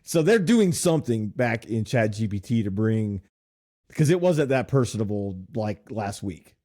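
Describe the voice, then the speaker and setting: A middle-aged man from Nashville, co-hosting a podcast, chatting casually and telling an animated story with frequent laughter. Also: on the low side, unhurried. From Nashville, USA. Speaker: podcast co-host. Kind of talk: casual chat.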